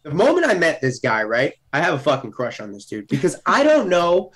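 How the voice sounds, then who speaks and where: A man's voice: on the high side, huge pitch swings, a little fast, fairly bright tone. A man talking about competing, intense and heavy on profanity as he tells stories. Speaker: competitor guest. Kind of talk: casual chat.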